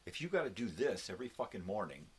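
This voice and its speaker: A man's voice: lowish voice, very animated, fast talker, breathy edge. An older man hosting a casual morning video from his home, coaxing his dogs and ranting with a lot of profanity. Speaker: vlog host.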